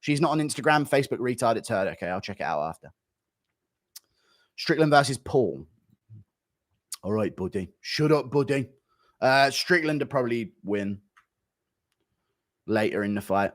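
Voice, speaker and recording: A man, reacting to chat on a livestream, giving blunt, dismissive, rapid-fire verdicts. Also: mid-range voice, lively intonation, no echo, studio quality. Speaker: streamer.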